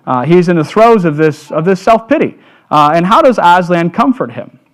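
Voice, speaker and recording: A man giving a Lenten devotional talk at a church, halting and full of "uh"s and "right?" tags. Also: high-pitched, expressive. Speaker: church speaker.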